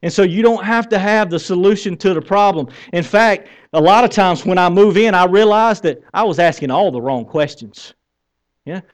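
Preaching conversationally in a high-pitched voice at normal speed, a bearded-sounding man with a Southern American accent asks his congregation questions. The pastor also jokes at his own expense, his humor dry and wry.

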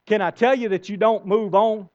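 A man's voice: sits high, darkish tone, muffled recording. A man preaching a sermon as pastor, emphatic, with rising bursts and repeated words.

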